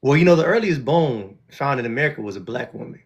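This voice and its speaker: A man hosting a live call-in stream, arguing with callers in an animated way and often repeating and restarting his words. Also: medium pitch, quick pace, muffled recording. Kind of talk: casual debate with callers.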